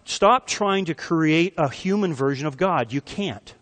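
A man preaching a sermon, teaching with lively asides and questions to his listeners. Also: fairly high pitch. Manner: animated teaching with quick asides and questions to the crowd. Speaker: pastor. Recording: long reverb of a hall.

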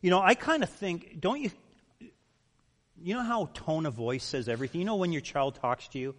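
A man's voice: a little high, lively intonation, normal speed, a bit bright. A male pastor preaching a sermon, emphatic and full of rhetorical questions. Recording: long reverb of a large hall.

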